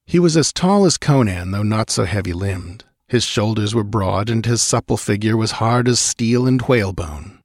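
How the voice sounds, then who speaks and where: Low husky male audiobook narrator. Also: lively intonation, normal speed, hardly any pauses, no echo, studio quality. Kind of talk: scripted narration.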